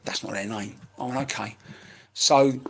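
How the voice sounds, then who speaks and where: A man's voice: fairly low pitch, unhurried, vocal fry, breathy edge. A man, working as a medium in a live-streamed reading, talking in a chatty, rambling way with casual banter and swearing, recorded on a webcam mic.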